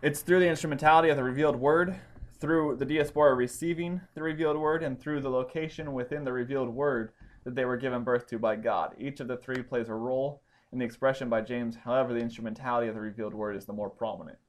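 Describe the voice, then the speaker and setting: A man's voice: medium pitch, steady tone, quick pace. Man, bible study teacher, explanatory, asks if students follow. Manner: explanatory, checks understanding with questions. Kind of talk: classroom teaching.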